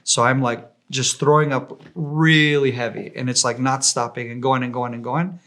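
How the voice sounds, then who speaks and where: A man, a podcast guest telling a war story in a lively, conversational way, often restarting and repeating words. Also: mid-range voice, moderate pace.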